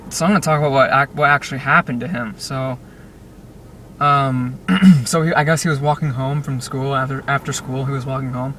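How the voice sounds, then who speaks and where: A man's voice: mid-range voice, bright, forceful tone. A young man rambling in a casual vlog while driving through traffic, with lots of fillers and restarts. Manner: rambling, restless, fillers and self-interruptions. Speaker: vlogger. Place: car in traffic. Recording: distant car-cabin audio with road noise. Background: car and road noise.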